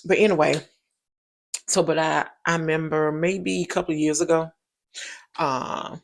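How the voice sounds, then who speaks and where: A woman's voice: deep voice, steady tone, measured pace, creaky, slight background noise. A woman, hosting a show and telling a personal story in a casual, emphatic way, often repeating her points for stress. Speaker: show host.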